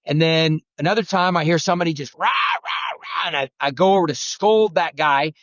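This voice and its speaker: Higher-voiced man telling hunting stories. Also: brisk, no room sound, muffled recording. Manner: animated, rambling, acts out quotes. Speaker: guest turkey hunting expert. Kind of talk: storytelling conversation.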